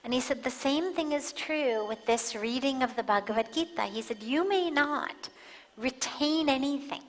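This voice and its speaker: Calm woman teaching in a reverberant hall. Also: high-pitched. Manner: calm, measured, pausing for emphasis. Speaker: spiritual teacher. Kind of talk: spiritual talk with storytelling. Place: large satsang hall.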